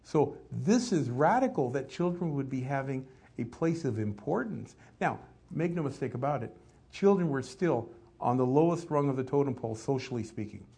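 Man preaching with soft husky voice. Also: mid-range voice, lively intonation, moderate pace. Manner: conversational preaching, rhetorical questions, swings from loud to hushed. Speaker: pastor. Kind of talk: sermon.

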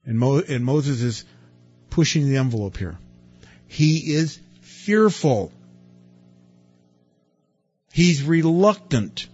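Husky preacher man with lo-fi sound. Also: medium pitch, animated, takes it slowly, pauses often. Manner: conversational preaching, rhetorical questions, swings from loud to quiet. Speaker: pastor. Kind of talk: sermon. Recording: dull lo-fi recording with faint music.

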